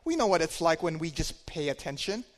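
A man preaching a sermon, telling a personal story in a conversational way, swinging between loud and quiet. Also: a little high, very animated, brisk, big-room sound.

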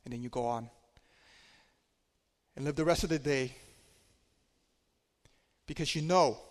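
A man preaching a sermon, telling a personal story in a conversational way, swinging between loud and quiet. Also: mid-range voice, measured pace, big-room sound.

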